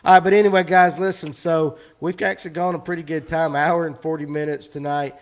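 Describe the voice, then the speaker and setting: A man's voice: on the high side, level tone, fairly quick. A man hosting a live fishing show, rambling and teasing his guests in casual chat.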